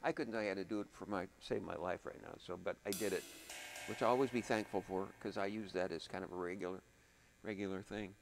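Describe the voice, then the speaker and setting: A man's voice: low-pitched, fairly even intonation, fast, creaky, a little hiss or hum, low-quality recording. A man teaching music production in a casual, thinking-aloud way, humming out drum rhythms as he goes. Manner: thinks aloud, chatty, vocalizes drum patterns.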